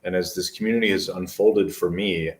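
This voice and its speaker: A New Jersey motivational speaker in his forties, guesting on a casual interview, rambles earnestly through his stories. His voice is low and steady, a little fast, and sounds far from the microphone.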